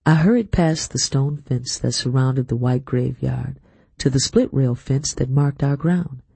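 Gravelly, husky male audiobook narrator. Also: medium pitch, measured pace, dark tone, no room sound. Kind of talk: scripted narration.

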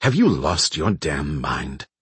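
A man voicing a tough woman team leader in an audiobook, speaking in a clipped, sharp and authoritative way. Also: extremely low pitch, big pitch swings, slow pace, husky, dry recording, full character voice. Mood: tense.

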